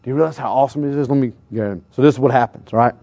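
A man preaching a lively youth sermon, slangy and full of questions to his listeners. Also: mid-range voice, very fast, vocal fry, no room sound. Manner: acts out crowd voices, slangy, calls out questions to listeners. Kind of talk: animated sermon.

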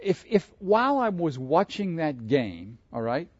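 Animated male preacher, lively pitch. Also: measured pace, no echo, lo-fi sound. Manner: animated, asks the audience questions, laughs between points. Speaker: pastor. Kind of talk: interactive sermon.

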